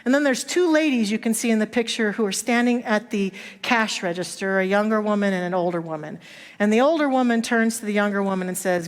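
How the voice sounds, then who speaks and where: A woman's voice: medium pitch, fairly quick. Woman, minister, sermon, storytelling, voices people in her stories, echoey church hall. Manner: storytelling, acting out quoted voices. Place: church sanctuary.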